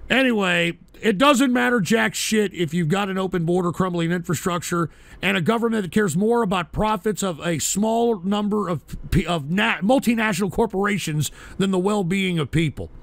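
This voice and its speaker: A man hosting a politics livestream, talking bluntly and profanely in a casual rant that erupts into shouting. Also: high-pitched, normal speed, vocal fry, no room sound. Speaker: host of a call-in politics show.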